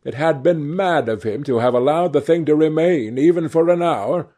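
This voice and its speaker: A man reading a classic novel aloud as audiobook narration, measured and expressive. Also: fairly high pitch. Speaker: reader.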